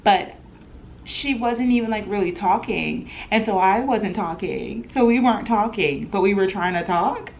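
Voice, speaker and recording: A young woman in her twenties telling an animated storytime in a home vlog, chatty and full of laughs. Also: medium pitch, a little slow, gravelly, a little hiss or hum. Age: 20s. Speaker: vlogger.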